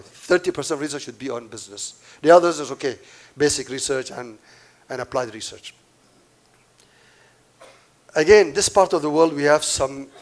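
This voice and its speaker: Emphatic man giving a keynote speech. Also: a little high. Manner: emphatic, repeats key points, asides to the audience. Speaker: keynote speaker. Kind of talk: conference speech to an audience.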